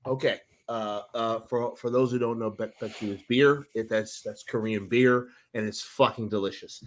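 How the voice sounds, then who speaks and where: A man co-hosting a casual sports chat, loud and hyped, swearing and repeating himself. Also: medium pitch, steady tone, moderate pace, hardly any pauses. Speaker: podcast co-host.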